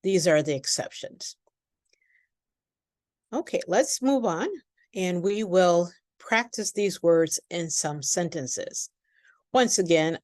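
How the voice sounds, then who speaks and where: Casting: American woman, pronunciation teacher, low-ish voice, very unhurried, crisp careful diction, dry close sound. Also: no room sound. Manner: slow, deliberate, carefully enunciated. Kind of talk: recorded lesson with repeat-after-me drills.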